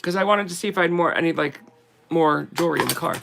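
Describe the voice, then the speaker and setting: A woman in a casual video, reading short holiday poems aloud slowly and sing-song, with chatty asides between them. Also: fairly low pitch, creaky, noisy background. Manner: giggly, reads verses slowly and sing-song. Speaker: vlogger.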